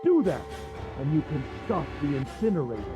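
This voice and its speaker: A pompous, sneering gentleman villain in a game, his raised voice leaping theatrically up and down as he taunts. He laughs cruelly between lines. Game music runs behind him. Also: on the high side, huge pitch swings, fairly quick, low-quality recording. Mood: mocking.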